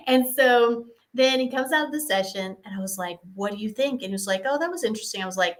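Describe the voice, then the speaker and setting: A chatty woman with a voice pitched a little high tells stories in a relaxed question-and-answer session. She acts out both sides of each conversation and fills her talk with "like". Laughter keeps breaking into her punchlines. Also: quick pace, few pauses. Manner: chatty, acts out quoted dialogue, frequent "like". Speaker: hypnosis practitioner and course founder. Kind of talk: casual storytelling Q&A.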